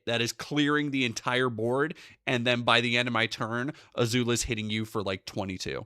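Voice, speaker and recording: A man's voice: medium pitch, normal speed, few pauses, no room sound, clean studio sound. A young man streaming live, talking casually with lots of swearing and rambling asides. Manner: profane, animated, rambling.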